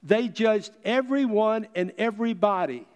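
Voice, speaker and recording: Man putting on a coach voice, pitched up, homespun, earnest, ringing hall reverb. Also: unhurried, darkish tone. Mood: heartfelt. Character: folksy, optimistic American football coach, middle-aged man. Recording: long reverb of a large hall.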